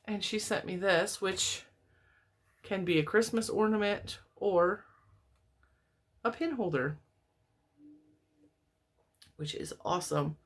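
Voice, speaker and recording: This crochet vlogger talks at an unhurried pace while opening letters from viewers indoors at home, a television playing in the room. She's chatty and meandering, laughs a lot, and her pitch shoots up when she gets excited.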